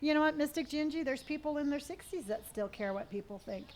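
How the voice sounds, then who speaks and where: A middle-aged woman streaming live, reading viewer comments and answering them in a warm, gentle way, often calling people honey. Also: high voice, animated, a little fast. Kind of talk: casual live-stream chat.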